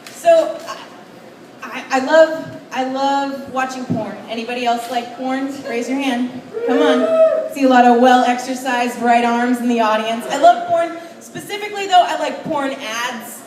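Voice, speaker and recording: A woman's voice: high-pitched, very animated, unhurried, darkish tone. A young woman doing crude, playful stand-up at an open mic in a bar. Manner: brash, crude, playful punchlines. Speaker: stand-up comedian. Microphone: far camera recording a stage. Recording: roomy bar sound from far off.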